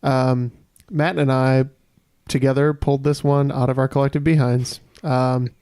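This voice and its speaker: A man on a trivia podcast calmly explaining how he reasoned out his answers. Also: medium pitch, measured pace, clean tone, dry recording, clean studio sound. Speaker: trivia contestant. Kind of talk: casual podcast chat.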